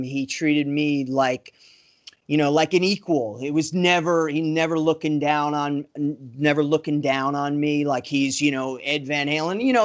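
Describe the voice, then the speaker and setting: High-voiced man telling rambling stories. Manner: enthusiastic, rambling anecdotes with lots of "you know". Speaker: guest musician. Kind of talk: casual podcast storytelling.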